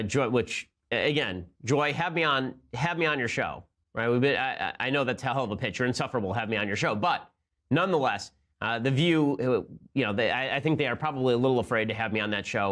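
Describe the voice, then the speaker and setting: A man with a mid-range, slightly bright voice hosts a show, delivering a fast political opinion monologue that is combative and sarcastic.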